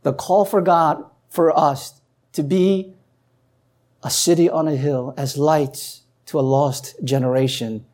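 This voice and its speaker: A woman's voice: fairly even intonation, takes it slowly. Woman preaching with swinging emphasis. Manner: rises to emphatic peaks, then drops low and quiet; reads scripture aloud, asks the congregation questions. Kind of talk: sermon.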